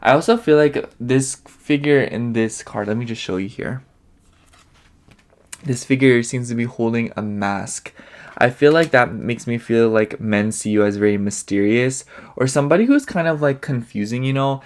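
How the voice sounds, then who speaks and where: A man's voice: mid-range voice, moderate pace. A man giving a casual pick-a-card tarot reading, rambling and filling nearly every phrase with "like". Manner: rambling, filler-heavy, leans on "like" constantly. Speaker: tarot reader.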